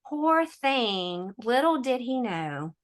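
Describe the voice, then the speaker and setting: A woman, a podcast guest telling a story in an animated, sarcastic way and laughing often. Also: fairly high pitch, takes it slowly. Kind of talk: casual storytelling chat.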